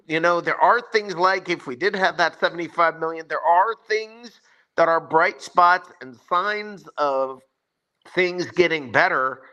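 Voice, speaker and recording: An emphatic, excitable man hosts a sports chat and rallies the fans. His voice is bright and forceful and sits a bit high for a man. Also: unhurried, muffled recording. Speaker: sports podcast host.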